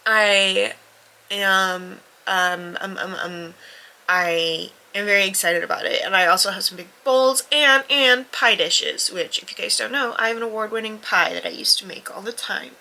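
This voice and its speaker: Young female book vlogger, stuffy-nosed, bright edge to the voice, candid and self-deprecating, near-whispers at times. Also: medium pitch, normal speed, rough recording. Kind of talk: casual vlog talk to camera.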